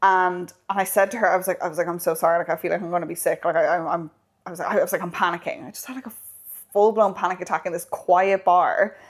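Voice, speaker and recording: A woman co-hosting a casual podcast, telling a story in an animated way, acting out quoted lines and swearing casually. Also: fairly low pitch, fast. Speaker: podcast co-host.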